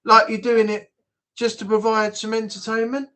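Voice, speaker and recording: A man's voice: high voice, completely flat delivery, moderate pace, pushed and bright. A man from the United Kingdom hosting a casual livestream chat, rambling and blunt. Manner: rambling, chatty, blunt, with frequent restarts. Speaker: livestream host. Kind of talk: casual live chat reading comments.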